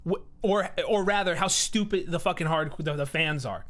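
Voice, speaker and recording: A man's voice: high-pitched, sing-song, normal speed, few pauses, fairly bright tone. A man streaming a game, chatting casually in a profane, ranting way. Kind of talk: casual chat while gaming.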